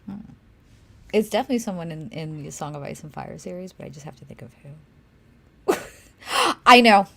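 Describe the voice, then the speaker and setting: A woman co-hosts a casual livestream Q&A in a lowish voice that swings widely in pitch. She is animated and brash, laughing often and swearing freely. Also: fast, gravelly. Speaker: co-host of a Q&A stream.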